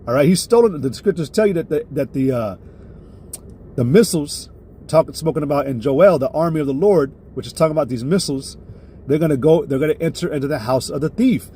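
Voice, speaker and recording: Man, slightly high voice, heated and profane religious lesson, repeated check-ins, faint traffic behind. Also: fairly quick. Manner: heated, profane preaching with frequent "all right?" check-ins; flares up loudly, then reins himself in. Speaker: religious teacher. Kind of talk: live-streamed religious lesson.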